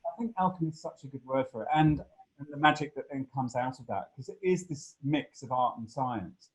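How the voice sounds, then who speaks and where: A man giving a long, animated interview answer, full of fillers and playful asides. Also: mid-range voice, fairly quick, poor audio. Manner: expansive, animated storytelling with many fillers.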